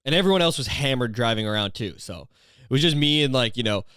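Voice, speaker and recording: A young man from Canada hosting a podcast, rambling through a crude comedic monologue full of filler phrases and deadpan dark jokes. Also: mid-range voice, fast, smooth, dry recording, studio quality. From Ontario, Canada. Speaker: podcast host.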